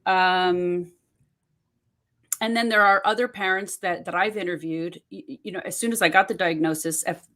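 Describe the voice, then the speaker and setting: A woman's voice: lowish voice, normal speed, a bit bright. A middle-aged woman, telling a personal story in an interview and often restarting her sentences with fillers. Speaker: guest, autism parent and podcaster. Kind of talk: conversational interview.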